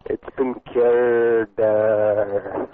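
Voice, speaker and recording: A man's voice: on the low side, flat delivery, drawn-out words, a little hiss or hum. A man making a prank phone call, crude and rambling, full of hesitations and mock politeness. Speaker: prank caller. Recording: tinny phone-like line.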